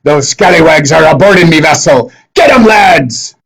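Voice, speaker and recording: A man doing a big, gruff pirate captain who growls and roars his orders, pitched higher and much louder than a plain reading voice. He blusters through every line like a storybook buccaneer. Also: animated, moderate pace, rough recording. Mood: blustering. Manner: growling, bellowing pirate talk.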